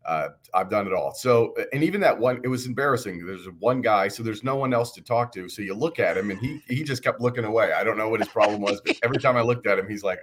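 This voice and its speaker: Easygoing Midwestern comedian, a bit rough-voiced. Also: male voice, fairly low pitch, fast talker, hardly any pauses. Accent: rural Midwestern American. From Illinois, USA. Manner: easygoing storyteller, self-deprecating. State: voice lower than usual from drinking. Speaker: guest comedian. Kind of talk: casual chat.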